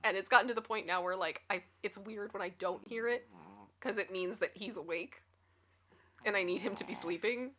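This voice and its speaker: A woman's voice: medium pitch, fairly quick, sharp tone. A woman hosting a casual livestream, chatting with viewers, reading their comments aloud and giggling often. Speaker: livestream host. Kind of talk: casual chat with live viewers.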